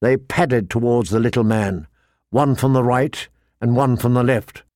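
A man narrating a fantasy novel in a measured, steady storytelling voice. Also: medium pitch, no room sound, clean studio sound. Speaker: audiobook narrator.

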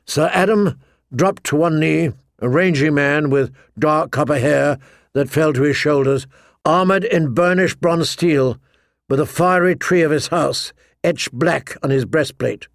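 A male audiobook narrator with a slightly high, gravelly voice, reading a fantasy novel very slowly and deliberately. The sound is close and dry, with no room echo. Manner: slow, deliberate storytelling.

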